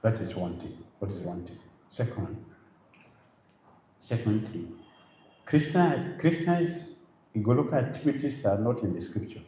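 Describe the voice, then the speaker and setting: A man's voice: on the low side, animated, measured pace, long pauses, dark tone. A man giving a devotional lecture as a monk, emphatic, repeating phrases and firing rhetorical questions. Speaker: monk preacher. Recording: roomy, faint background noise.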